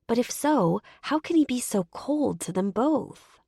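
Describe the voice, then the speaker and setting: A woman narrating a first-person audiobook in a steady, measured reading voice. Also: a little high, creaky, breathy edge, no echo, studio quality.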